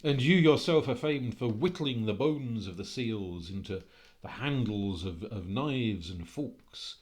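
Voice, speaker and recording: A handsome, wealthy stranger, played by a male storyteller, with a foreign accent that is hard to place. He speaks slowly, with courtly insistence. The voice is a little higher than the narrator's own. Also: animated, a little mellow. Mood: persuasive. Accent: put-on unplaceable foreign accent. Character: handsome, rich young stranger, insistent and smooth.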